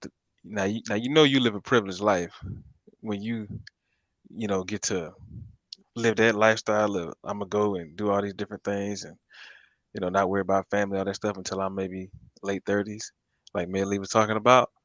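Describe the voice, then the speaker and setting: A man's voice: on the low side, fairly even intonation, fairly quick, long pauses, a bit bright, no echo, muffled recording. A man chiming in on a casual discussion as co-host, laid-back and thoughtful, letting his phrases trail off.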